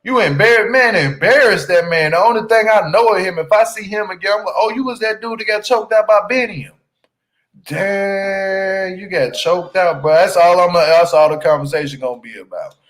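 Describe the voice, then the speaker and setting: A man's voice: high voice, moderate pace, fairly bright tone, low-quality recording. A man giving casual, slangy recap commentary on a reality show, teasing and laughing as he talks. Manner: repeats "you hear me" for emphasis.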